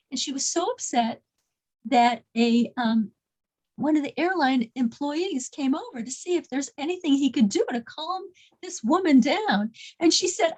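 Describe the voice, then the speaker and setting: A woman's voice: high voice, expressive, measured pace, a little mellow, rough recording. A woman casually telling a story to a small group as its leader, often repeating words and restarting her sentences.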